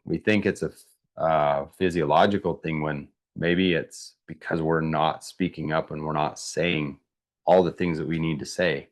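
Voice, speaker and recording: Speaking unhurriedly in an extremely low, steady voice, this man runs an online workshop in a conversational style. He thinks aloud with many fillers and restarts and invites the audience to respond in the chat.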